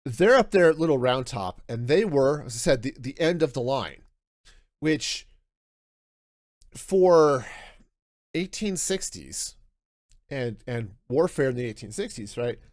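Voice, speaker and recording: Animated man reviewing a book. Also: medium pitch, a little slow, pauses often, dry recording, studio quality. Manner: animated, self-interrupting with restarts and laughs. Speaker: podcast host. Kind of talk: casual book review talk.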